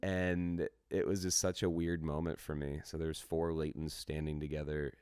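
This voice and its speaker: A man with a very low, smooth, resonant voice co-hosts a podcast in loose casual chat. He rambles through long tangents and drops swear words freely. The sound is dry and close to the mic. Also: little pitch movement, normal speed, a little mellow, dry recording. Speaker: podcast co-host.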